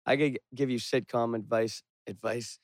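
A man's voice: medium pitch, fairly even intonation, moderate pace, no room sound, studio quality. A man co-hosting a podcast, brash and casual and swearing freely. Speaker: podcast co-host. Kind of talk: casual chat.

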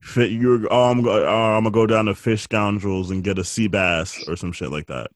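A man's voice: on the low side, steady tone, normal speed, dry recording, clean studio sound. A man in casual chat who rambles, teases, and laughs often.

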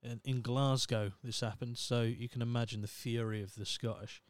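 A man's voice: mid-range voice, fairly even intonation, normal speed, no echo. A young man hosting a podcast, reading out news stories with sarcastic, sweary comic asides. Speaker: podcast host. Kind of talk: casual comedic commentary.

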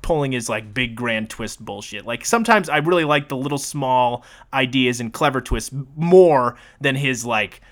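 A man's voice: medium pitch, lively intonation, normal speed, hardly any pauses, a bit bright. A man co-hosting a casual movie podcast, recapping scenes in a loose, profane way and laughing often. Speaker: podcast co-host.

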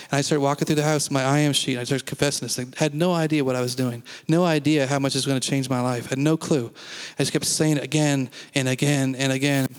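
Earnest preaching man, smooth voice. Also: fairly high pitch. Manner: leads slow call-and-response confessions. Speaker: pastor. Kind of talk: sermon.

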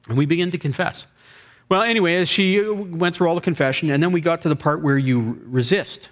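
A man who is a pastor telling a deliverance-prayer story in a sermon, acting out the dialogue with lively asides. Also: mid-range voice, a little fast.

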